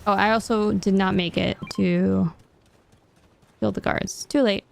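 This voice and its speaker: A woman's voice: medium pitch, steady tone, a little slow, creaky. A young woman streamer chatting casually and rambling to herself as she plays a game. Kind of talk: casual chat while gaming.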